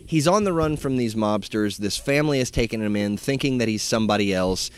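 A man's voice: lowish voice, brisk, smooth. A man co-hosting a casual chat, retelling a story loosely with lots of fillers. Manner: relaxed, rambling storytelling with many fillers. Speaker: podcast co-host.

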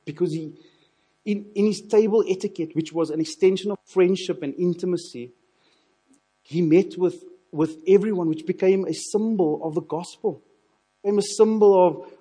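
A male preacher from delivers an earnest sermon. His voice is husky and dark, sitting a little high for a man. He often repeats words as he builds toward a point. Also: moderate pace. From South Africa.

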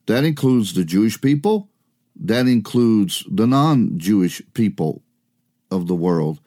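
A man preaching a radio sermon in a conversational way, posing rhetorical questions, often pausing on "uh", and alternating quick bursts with slow, stressed words. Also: mid-range voice, warm tone. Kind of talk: broadcast sermon.

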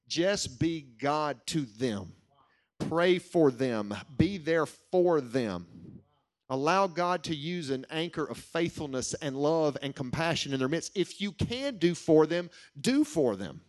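A man's voice: a little high, expressive. Earnest man preaching a sermon. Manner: earnest, slows down to stress key lines. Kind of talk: sermon with personal story.

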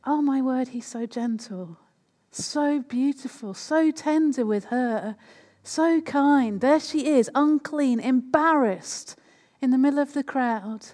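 A woman's voice: sits high, takes it slowly, few pauses, a little mellow. A woman preaching a sermon in a conversational way, often turning to the listeners with questions. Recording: long hall reverb.

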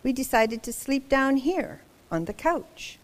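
A woman reading as a gentle, soothing mother. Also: high voice, a little slow, big-room sound, pitched above the performer's own voice. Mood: calm. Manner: soft, calm, reassuring. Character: gentle caring mother soothing her son.

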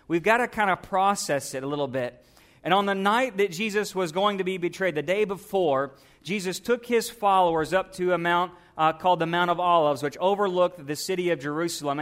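A man's voice: high-pitched, a bit bright. A man preaching a conversational sermon, telling the story and asking the congregation for responses.

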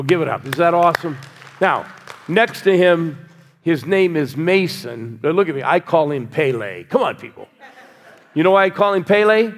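In a fairly high voice with a breathy edge, an older male pastor delivers a sermon and coaxes his listeners into call-and-response and cheering. It was recorded in a large church hall with a long reverb.

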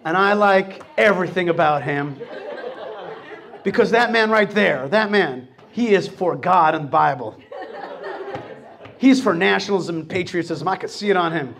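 A middle-aged man hosting a talk show, telling stories in a lively, animated way and acting out what people said to him. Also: sits high, moderate pace, pauses often, some chatter behind. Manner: animated storytelling, acts out quotes. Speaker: host. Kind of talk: casual radio talk.

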